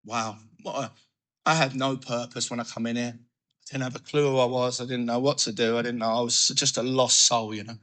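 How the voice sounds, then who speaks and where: Man, bright tense voice, lively first-person recovery talk, plays out his inner voice. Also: medium pitch, a little fast. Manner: animated storytelling, acting out his own thoughts. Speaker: recovery speaker.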